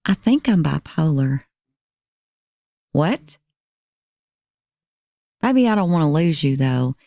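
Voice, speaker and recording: Crime narrator, female: deep, mellow read of text messages, dry close sound. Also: sing-song, slow pace, creaky, dry recording. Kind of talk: reading text messages aloud.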